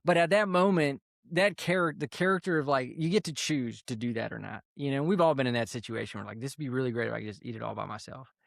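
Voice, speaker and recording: Gravelly-voiced man telling war stories. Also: mid-range voice, no room sound, studio quality. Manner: calm, unhurried storyteller with fillers. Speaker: podcast guest, army veteran. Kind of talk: casual storytelling interview.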